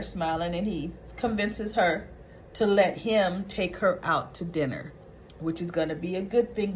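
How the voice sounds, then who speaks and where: A woman's voice: medium pitch, muffled recording, slight background noise. A woman hosting a soap opera recap, retelling scenes in a chatty, opinionated way.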